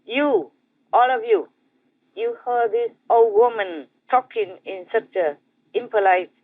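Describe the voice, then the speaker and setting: A man's voice: high-pitched, slow pace. A man with an Indonesian accent quoting a proud, angry queen in a story, in a scornful, commanding way. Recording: tinny phone-like dry sound.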